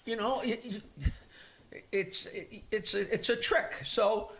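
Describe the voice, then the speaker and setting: Brief: older comic, high bright voice, animated storyteller. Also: male voice, slow pace, gravelly. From Long Island, New York. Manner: animated joke-telling storyteller. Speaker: comedian guest. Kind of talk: casual storytelling chat.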